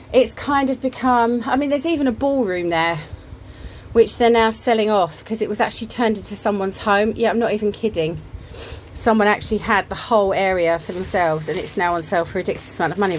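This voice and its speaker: A woman talks through her craft room in a relaxed, rambling way, full of ums and soft laughs. Her voice sits a little high and she sounds slightly out of breath. A faint hiss of room noise lies under the handheld camera audio. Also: low-quality recording. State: a bit out of breath. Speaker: craft vlogger. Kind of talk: casual vlog chat. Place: home craft room, indoors.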